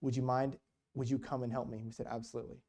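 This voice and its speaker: A man's voice: mid-range voice, flat delivery, fast, darkish tone. A man giving a casual storytelling talk in church about mission work, with many restarts. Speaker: guest speaker on mission work.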